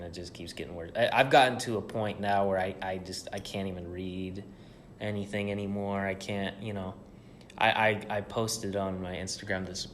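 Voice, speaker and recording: Young guy podcast host, rambly and cussing a lot, kinda low voice. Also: a little hiss or hum. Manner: loose, profane, rambling storytelling. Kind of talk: casual chat.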